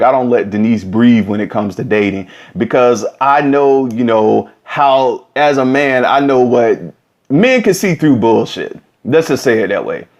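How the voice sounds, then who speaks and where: Brief: male vlog host, casual slangy storytelling, mid-range voice, lively delivery. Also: medium pitch. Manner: animated, slangy, direct address.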